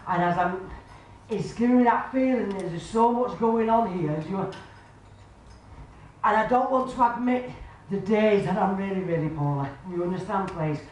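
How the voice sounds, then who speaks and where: A woman's voice: medium pitch, unhurried, darkish tone. A woman giving a live spiritualist reading to an audience, chatty and homely, calling the sitter love and sweetheart and constantly asking "do you understand, please?". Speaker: spiritualist medium. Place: club function room. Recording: very echoey room, far mic, faint noise.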